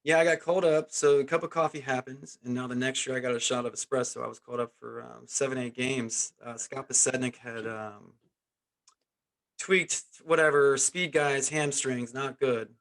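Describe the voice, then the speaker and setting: A man of about forty tells his story as an interview guest. He is animated and chuckles often, and his delivery is loose and conversational. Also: mid-range voice, moderate pace. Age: around 40. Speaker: guest, former pro baseball player. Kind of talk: casual storytelling.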